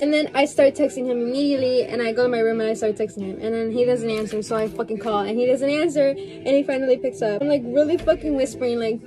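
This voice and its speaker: Young woman doing a grwm storytime, high voice, says like a lot, swears casually. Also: quick pace, few pauses, mellow, soft background music. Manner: chatty, heavy use of "like" and swearing. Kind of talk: casual storytime while getting ready.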